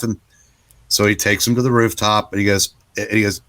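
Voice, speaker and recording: A man in his sixties, co-hosting a comic book podcast, retelling a story at length in a relaxed, casual way. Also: on the low side, fairly quick. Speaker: podcast co-host.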